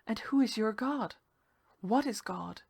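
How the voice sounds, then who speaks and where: A woman voicing a seductive drowned ghost woman who speaks low and slow with a soft, pitying laugh. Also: expressive, creaky, breathy edge, full character voice. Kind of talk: storybook reading.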